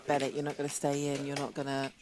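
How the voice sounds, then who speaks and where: A British woman commentating live poker hands, chatty and quick to laugh, with a headset mic in a casino booth. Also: rumbling low, monotone. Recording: crowd chatter behind.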